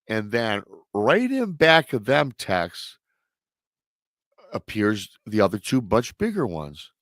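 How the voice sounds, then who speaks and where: A man's voice: medium pitch, dry recording. A male host telling a story in a casual, rambling way, full of restarts and stock filler phrases. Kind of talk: casual storytelling on a live show.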